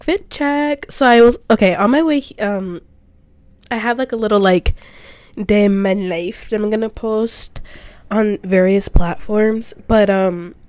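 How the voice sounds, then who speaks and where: A woman's voice: medium pitch, a little mellow, no echo. A young woman hosting a casual solo podcast while sick and congested, rambling with lots of fillers and self-deprecating asides in a small indoor room. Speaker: podcast host.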